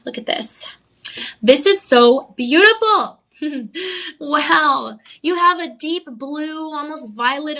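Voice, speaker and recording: A woman's voice: high voice, bright, forceful tone. A woman hosting a live jewelry sales show, gushing with enthusiasm, full of ums and little laughs. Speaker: shopping channel jewelry host. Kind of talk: live on-air sales pitch. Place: TV studio.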